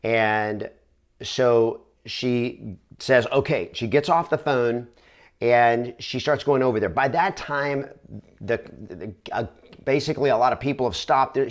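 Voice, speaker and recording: This man, a real estate trainer with a mid-range voice, recounts a motivational story to camera. He sounds earnest and conversational and often restarts quickly.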